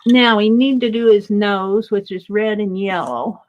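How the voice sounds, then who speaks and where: A woman art vlogger chatting and gushing while she paints, laughing often and thanking viewers warmly. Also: medium pitch, unhurried, lo-fi sound.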